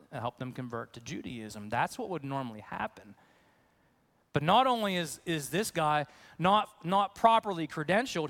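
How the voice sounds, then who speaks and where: A man, a pastor, preaching a conversational sermon to his congregation, acting out voices as he goes. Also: a little high. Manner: conversational, animated, acts out questions.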